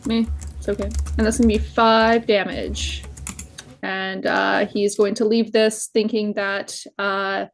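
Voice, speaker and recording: A woman's voice: medium pitch, flat delivery, unhurried, a little hiss or hum. A woman playing a tabletop game, talking casually and thinking aloud as she decides her moves. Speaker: player.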